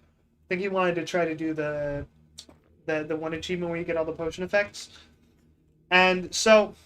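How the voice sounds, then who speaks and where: Rambling high-voiced man telling a stream story. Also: low-quality recording. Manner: rambling, self-mocking, with lots of fillers and restarts; deadpan mock boasting.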